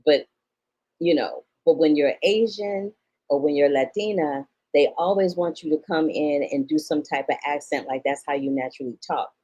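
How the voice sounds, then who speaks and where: A woman from St. Louis, Missouri, a film critic, hosts a casual film review podcast, speaking emphatically and tossing slangy asides to listeners. Her voice is deep, dark, and slightly rough at normal speed, and the audio quality is poor.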